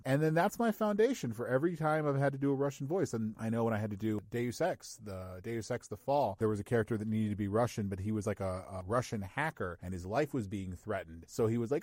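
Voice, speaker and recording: A deep-voiced man tells stories in a lively way, laughing now and then. The recording is dry and close. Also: a little fast, hardly any pauses, no room sound. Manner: animated storytelling, laughing. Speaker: voice actor. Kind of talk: podcast interview.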